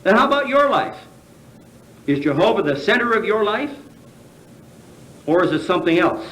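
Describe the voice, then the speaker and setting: A man's voice: sits high, expressive, moderate pace, fairly bright tone. An American man gives a sermon at a convention, asking his listeners rhetorical questions and stumbling over fillers as he goes. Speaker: convention speaker. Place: large convention hall. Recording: echoey convention hall.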